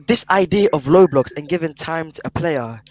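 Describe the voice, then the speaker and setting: A man's voice: fairly high pitch, expressive, moderate pace, darkish tone, no room sound, low-quality recording. A man on a podcast panel in casual football chat, emphatic and repetitive, keeping "man" on the ends of his sentences, heard over an online call mic. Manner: emphatic, keeps tagging "man" onto sentences.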